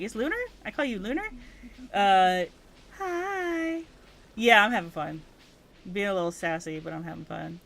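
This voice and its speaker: Her mid-range voice has a sharp edge as this young woman from Hawaii chats loosely on a game livestream. She swears without restraint and works herself up while ranting.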